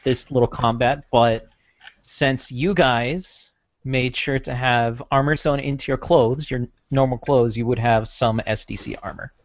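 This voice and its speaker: A man's voice: medium pitch, steady tone, measured pace, dull audio. A man in an online tabletop game, talking hesitantly with many fillers. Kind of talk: casual game chat.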